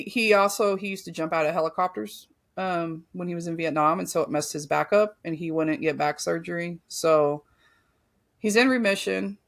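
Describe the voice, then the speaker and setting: A woman's voice: lowish voice, creaky. A young woman guest on a podcast, telling a personal story in a loose, rambling way full of "like" and "you know".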